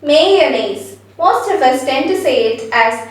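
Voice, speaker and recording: High-voiced woman teaching pronunciation, echoey. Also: expressive. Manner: repeats words slowly, often checks with "okay?". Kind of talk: spelled-out pronunciation lesson. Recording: very echoey room, mic far away.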